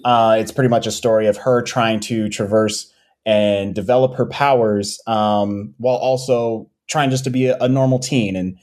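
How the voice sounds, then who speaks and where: A man, a comics creator being interviewed, talking casually about his books with many pauses and restarts. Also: on the low side. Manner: relaxed, many ums and restarts.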